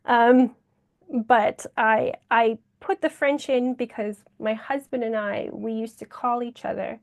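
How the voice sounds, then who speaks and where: Woman, 30, author guest on a call; chatty, filler-heavy, slightly high voice. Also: fairly even intonation, creaky. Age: 30s. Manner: chatty, quick laughs, many fillers. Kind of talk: casual interview conversation.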